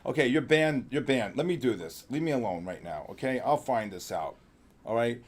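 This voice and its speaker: A man hosting a live trading stream, talking excitedly about the markets and bantering in exasperation with his crew. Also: mid-range voice, moderate pace. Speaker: trading show host.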